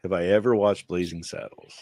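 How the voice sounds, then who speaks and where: Low-voiced guy rambling on a podcast, stops and restarts a lot, dry close sound. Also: fairly even intonation, a little fast, darkish tone, no echo. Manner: rambling, many restarts and fillers, chuckling. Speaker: co-host. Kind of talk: casual podcast banter.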